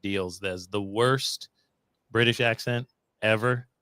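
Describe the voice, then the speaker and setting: A man's voice: lowish voice, slow pace, bright, forceful tone, clean tone, dry recording, studio quality. A man hosting a livestream in a casual, playful chat, full of joking asides. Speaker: host of a livestream show.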